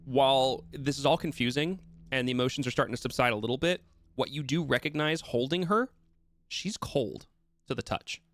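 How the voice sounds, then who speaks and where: A man's voice: mid-range voice, fairly bright tone, no room sound. Man narrating as dungeon master. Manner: casual, halting, many fillers and restarts. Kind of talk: narrating a tabletop game.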